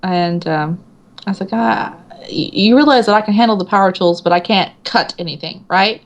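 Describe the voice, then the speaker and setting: A woman author, interviewed as a guest, chats casually in a mid-range voice at a moderate pace. She's an animated storyteller who acts out quoted voices and laughs often.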